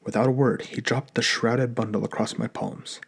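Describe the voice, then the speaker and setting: A man narrating an audiobook in a measured, even storytelling manner. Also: medium pitch, vocal fry, slightly rough.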